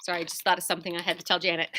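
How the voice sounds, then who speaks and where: Woman, middle-aged, bright clear voice, casual rambling chat, self-deprecating asides. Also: fairly low pitch, racing, a little hiss or hum. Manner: chatty, tangent-prone, self-deprecating, lively asides. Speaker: quilt shop owner and host.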